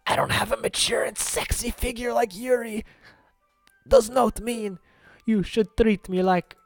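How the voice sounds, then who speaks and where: A man's voice: high-pitched, steady tone, creaky, no echo, soft background music. A man voicing a feisty, prickly teenage girl in a visual novel, reading her lines in a bratty, teasing way. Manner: bratty, teasing, quick to snap back.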